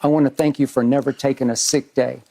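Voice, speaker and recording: Earnest male TV host's measured tribute. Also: medium pitch, fairly even intonation, vocal fry, warm tone. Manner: earnest and measured, with emphatic repetition. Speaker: sports debate TV host. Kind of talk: prepared on-air tribute.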